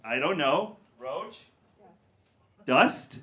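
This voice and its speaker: A man's voice: high-pitched, big pitch swings, takes it slowly, pauses often, pushed and bright. A man performing a stand-up comedy set, telling a story with crowd work and acted-out voices in a comedy theater. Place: comedy theater with live audience.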